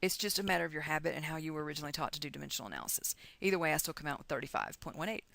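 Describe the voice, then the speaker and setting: A woman's voice: low-pitched, rapid-fire, vocal fry, fairly bright tone, no echo. A middle-aged woman from the United States teaching chemistry in a recorded lecture, chatty and encouraging as she talks through calculations aloud.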